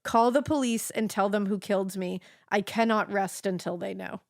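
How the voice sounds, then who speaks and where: A woman co-host telling a true-crime story in a loose, chatty way. She swears freely and acts out each quote as she goes. Her pitch sits mid-range, and the dry, close-mic sound has no room echo. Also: moderate pace, creaky. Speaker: podcast co-host telling the case.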